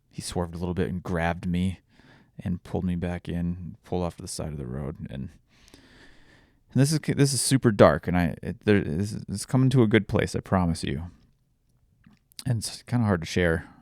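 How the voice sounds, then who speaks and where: Deep-voiced young man telling his story. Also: a little mellow, no room sound, studio quality. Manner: frank, swears often, halting restarts. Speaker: podcast host. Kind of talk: candid personal storytelling.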